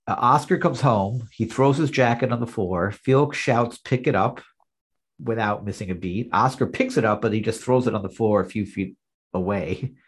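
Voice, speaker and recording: Husky-voiced man recapping a sitcom. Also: fairly low pitch, moderate pace. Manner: narrates scenes, acting out the lines. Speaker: podcast co-host. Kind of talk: casual chat recapping an episode.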